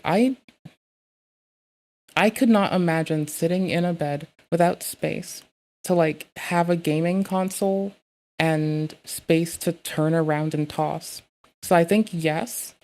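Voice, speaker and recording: A woman streaming live, chatting casually with heavy swearing and bursting into loud, excitable rants. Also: lowish voice.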